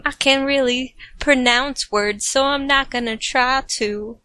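A woman's voice: sits high, measured pace, hardly any pauses, pushed and bright, no room sound. A woman reading her own fan fiction and joking through her bloopers, giggly and self-mocking, with frequent swearing. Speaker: fan fiction author and reader. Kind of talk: casual blooper reel of a story reading.

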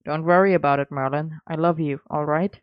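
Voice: mid-range voice, steady tone, a little fast, no echo, natural voice. A reader voicing an earnest, protective young man who speaks firmly, in a dry, slightly dull recording.

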